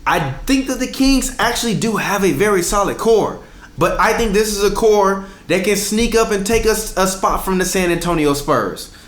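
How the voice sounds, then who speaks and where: A man with a fairly high voice argues a sports take with stubborn insistence, cutting in and tripping over names as he goes. The sound bounces around an echoey room. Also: animated, moderate pace, a bit bright. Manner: argumentative, talks over his co-host, stumbles on names. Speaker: podcast co-host. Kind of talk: casual sports debate.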